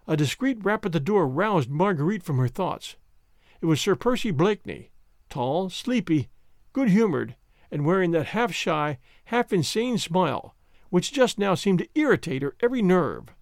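Expressive male audiobook narrator. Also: high voice, moderate pace, dry recording, studio quality. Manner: expressive, dramatic storytelling. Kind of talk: scripted narration.

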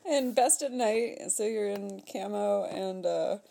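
A playful, teasing woman trading stories in relaxed conversation, laughing often. Her voice is warm and mellow, and her pitch sits in the middle of the usual range for a woman. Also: slow pace, creaky. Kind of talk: casual chat.

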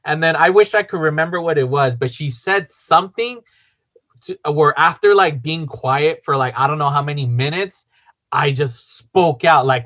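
A man's voice: on the high side, moderate pace, fairly bright tone. A man casually telling a long personal story, rambling with lots of fillers and swearing.

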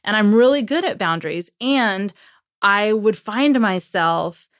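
A woman's voice: mid-range voice, animated, unhurried, fairly bright tone, no echo, studio quality. A woman guest, a parenting author, explaining in conversation with earnest energy and frequent self-corrections. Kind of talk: conversational interview.

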